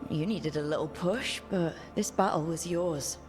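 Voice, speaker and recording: A woman playing a wry, teasing young companion in a game. Her voice is lower-pitched and sits in a long reverb. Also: moderate pace, soft background music, natural voice. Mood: gentle.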